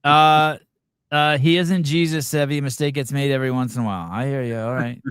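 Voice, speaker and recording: A man's voice: mid-range voice, steady tone, brisk, fairly bright tone, smooth, no echo, clean studio sound. A man hosting a podcast, chatting casually with a guest, swearing now and then. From California. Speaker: podcast host.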